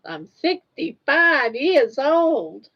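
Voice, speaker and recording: A woman voicing a feeble old lady, drawing her words out slowly in a raised pitch. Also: very animated, exaggerated voice. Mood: quavering. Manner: slow, drawn-out and raised in pitch. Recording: dull lo-fi livestream audio.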